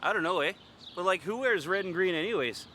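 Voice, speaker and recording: A man's voice: sits high, animated, brisk, bright, forceful tone, a little hiss or hum. A man playing a dopey slacker Canadian hoser in a comedy sketch, with a Canadian accent and a bumbling way of rambling with "like" and "eh".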